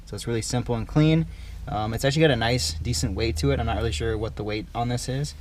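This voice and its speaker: A young man hosting a car build vlog, calmly explaining his work as he goes in a home garage. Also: medium pitch, quick pace, slight background noise. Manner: laid-back, chatty, explains as he works. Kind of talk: casual garage vlog walkthrough.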